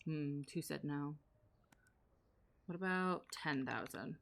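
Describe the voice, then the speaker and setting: A woman's voice: deep voice, takes it slowly, vocal fry, slight background noise. A young woman streamer giving casual, sarcastic live commentary as she plays a game and banters with her chat.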